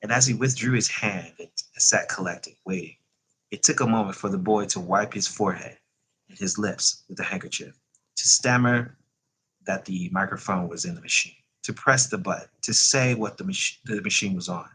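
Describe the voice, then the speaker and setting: A deep-voiced man reads a novel aloud for a casual storytime, with a husky voice and a sharp, bright edge to it. He stumbles now and then, corrects himself and drops chatty asides. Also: moderate pace, low-quality recording. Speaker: channel host reading aloud.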